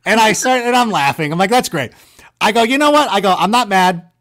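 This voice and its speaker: A man chatting casually, spinning rambling, self-mocking stories. His voice sits a little high and jumps up whenever he acts out a line, then drops low when he trails off. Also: animated, brisk, a bit bright. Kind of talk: casual storytelling chat.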